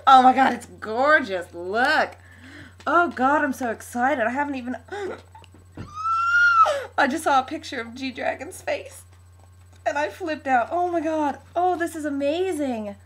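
Gushing high-pitched young woman. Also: normal speed. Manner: gushing, excitable, breathless exclamations. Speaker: vlogger. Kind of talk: gift-opening vlog.

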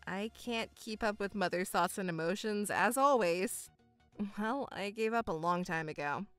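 A woman voicing a patient young woman, an elder daughter, speaking in a restrained, exasperated and quietly sarcastic way. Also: medium pitch, normal speed, clean tone, soft background music, lightly acted. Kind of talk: voiced story narration.

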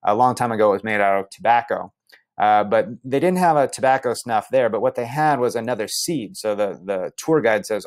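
A man's voice: lowish voice, a little fast. A man casually narrating travel stories over photos, chatty and rambling with many fillers. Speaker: travel storyteller.

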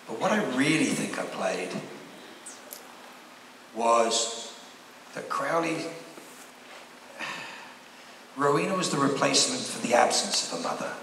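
A man with a gravelly, creaky voice, answering fan questions in a wry, rambling way. He sounds distant, his words bouncing around a huge hall with a long reverb tail and steady noise underneath. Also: medium pitch, slow pace, long pauses. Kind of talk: convention panel Q&A. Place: large convention hall. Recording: echoey hall heard from afar.

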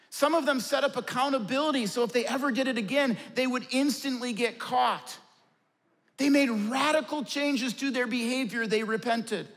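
A man with a fairly high voice preaches a sermon in a large church auditorium, his words trailing into a long hall reverb. He tells stories from the pulpit and drops low and gentle whenever he lands a key point. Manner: storytelling, dropping low and soft for key points. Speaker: pastor.

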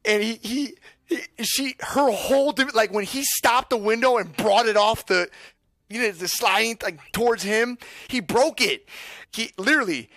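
Bright-voiced man telling a wild story. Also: high-pitched, normal speed, no room sound, clean studio sound. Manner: excited, laughing, profane, many restarts. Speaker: streamer. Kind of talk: casual storytelling.

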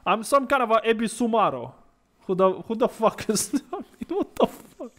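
A man's voice: sits high, very animated, normal speed, fairly bright tone. A man giving casual let's-play commentary while gaming, joking, swearing and laughing often.

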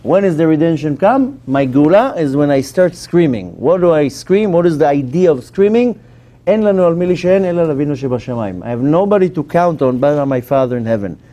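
Animated rabbi, mellow higher voice. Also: male voice, a little fast. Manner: emphatic, animated teaching with questions to the audience. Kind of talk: Torah class to a live audience.

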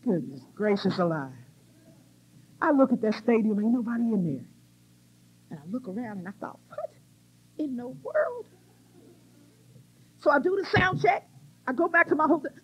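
A middle-aged woman from the US Midwest giving an animated, laughing personal testimony at a recovery conference. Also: fairly high pitch, fairly quick, pauses often, slightly rough. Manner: animated, laughing, exclamatory storyteller. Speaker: recovery meeting speaker. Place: conference hall stage. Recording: muffled cassette tape transfer.

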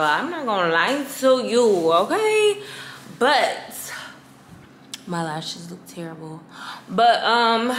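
A woman's voice: mid-range voice, noisy background. A young woman in her twenties from the Midwest, venting and swearing in a casual vlog to her phone camera. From Wisconsin. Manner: venting, exasperated, swears freely. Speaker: vlogger.

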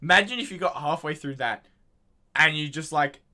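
A man's voice: on the high side, normal speed, pushed and bright, soft background music. A man in casual reaction chat, musing in disbelief. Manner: musing, incredulous. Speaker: reaction video co-host.

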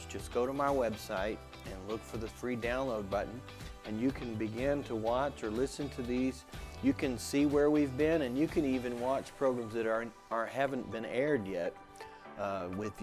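A man teaching the Bible in a relaxed, conversational way. He often restarts phrases and grows emphatic when he quotes scripture. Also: medium pitch. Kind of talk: sermon teaching.

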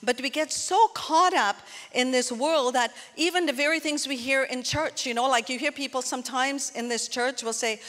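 A woman's voice: high-pitched, normal speed, hardly any pauses, a bit bright. Woman preaching in a reverberant church hall. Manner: earnest, conversational preaching with asides to the congregation. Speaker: pastor. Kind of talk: sermon.

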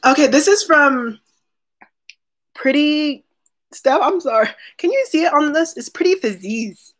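A woman's voice: high-pitched, lively intonation, unhurried. A woman chats casually on a live stream, unboxing products and calling out to viewers by name. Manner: chatty, talks to viewers by name, laughs often. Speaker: unboxing vlogger.

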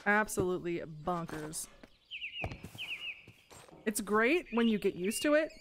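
A woman hosting a gaming let's play in casual commentary, excitable and quick to gasp and squeal at cute creatures. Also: mid-range voice, a little hiss or hum.

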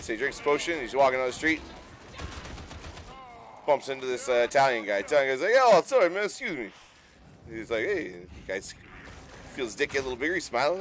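A man streaming a video game, chatting casually, joking and laughing often, and reacting loudly to the game. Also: mid-range voice, slight background noise. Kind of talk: casual gaming chat.

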